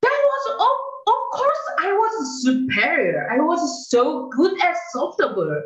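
A woman's voice: extremely high pitch, big pitch swings, slow pace, reverberant, full character voice, low-quality recording. A woman in an improv scene playing an indignant coworker passed over for promotion, talking dramatically. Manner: dramatic, indignant, bursts into mock crying. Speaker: improv performer. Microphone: online call.

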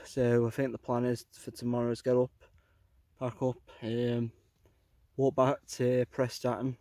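A man talks casually to his camera on a blustery coastline. His voice stays level and flat, with few rises or falls. He rambles along, padding his sentences with fillers. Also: mid-range voice, no room sound. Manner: chatty, rambling, with many fillers. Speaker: outdoor vlogger. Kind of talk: casual vlog chat. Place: outdoors on a windy coast.

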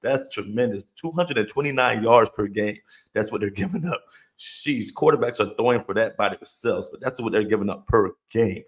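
A man's voice: fairly low pitch, animated, moderate pace. A man hosting a sports podcast, giving emphatic, casual commentary, repeating phrases for punch and cursing freely. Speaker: podcast host.

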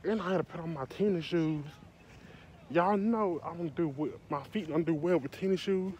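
A woman's voice: on the low side, normal speed, dull audio. A woman chatting casually into her phone for a vlog, blunt and swearing freely. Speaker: vlogger. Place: outdoors in the rain. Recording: loud rain noise around the phone mic.

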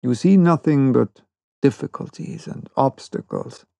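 Guy reading a proud cold old captain, slow and gravelly, dry ironic tone. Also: medium pitch, lively intonation, dark tone, dry recording. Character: stern, proud, ironic older male submarine captain. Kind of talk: audiobook character reading.

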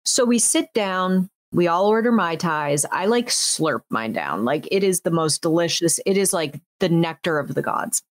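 Woman, 30s, podcast host; animated storyteller, slightly low voice, dry room. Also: normal speed, few pauses, no room sound. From United States. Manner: animated, acts out quotes, frequent "like" fillers. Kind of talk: casual storytelling chat.

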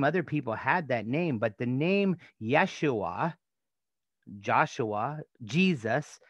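Pastor preaching with emphatic repetition. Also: male voice, mid-range voice, no room sound, muffled recording. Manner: rhetorical questions, emphatic repetition. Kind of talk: sermon.

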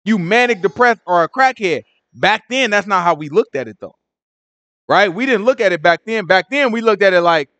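A man leading a casual Bible study, animated and conversational, full of asides. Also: high voice, moderate pace, no echo.

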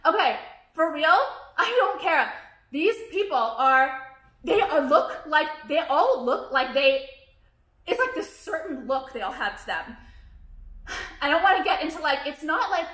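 Bright-voiced profane woman ranting in an echoey room. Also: sits high. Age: 30s. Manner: blunt, profane, rambling with many fillers. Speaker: fashion and lifestyle vlogger. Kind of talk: casual ranting monologue to camera. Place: room at home with white walls.

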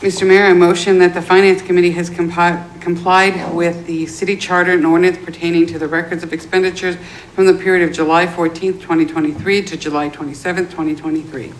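A woman on a city committee, reading dollar figures and fund numbers in a measured, formal way. Her pitch stays level, and a faint hiss runs behind her. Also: flat delivery, poor audio. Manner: reads motions in a measured, formal way. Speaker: alderwoman on the finance committee. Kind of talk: reading formal motions aloud. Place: city council meeting room.

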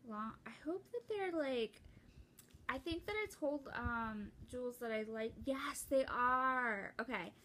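A young woman chatting casually and excitedly while opening a gift at home, rambling with lots of fillers and restarts. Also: on the high side, a little slow, slight background noise. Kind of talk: casual unboxing chat.

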